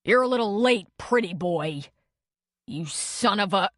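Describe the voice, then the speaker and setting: A woman's voice: mid-range voice, lively intonation, unhurried, fairly bright tone, dry recording, studio quality. A woman voicing a furious, protective brother who talks nasally through a broken nose, belligerent and threatening. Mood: taunting.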